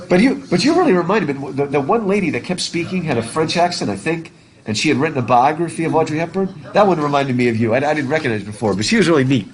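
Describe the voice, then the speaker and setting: A man teaching a literature class in a loose, rambling way, chatting with students and laughing easily. His voice sits a little higher than most men's. He talks in a classroom, wearing a mask while he records. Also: expressive, fast, rough recording. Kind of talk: casual classroom talk. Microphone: masked, recording his own class.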